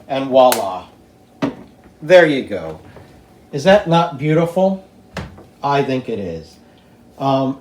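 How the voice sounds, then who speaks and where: A man hosting a home cooking video, talking slowly and easily to viewers as he plates and tastes a dish in his kitchen. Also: mid-range voice, echoey room. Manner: slow, relaxed, talks to viewers while tasting. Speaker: home cooking show host. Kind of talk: casual cooking demonstration.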